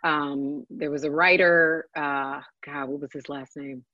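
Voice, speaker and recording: A woman telling a lively story in casual chat, swearing freely and adding chatty asides. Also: low-pitched, a little slow, no echo, highs cut off. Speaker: podcast guest, works on a TV set.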